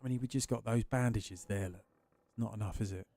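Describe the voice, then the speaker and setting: While streaming a game, a man with a low-leaning, brisk, dark-toned voice gives casual commentary, swearing and greeting people in his chat by name.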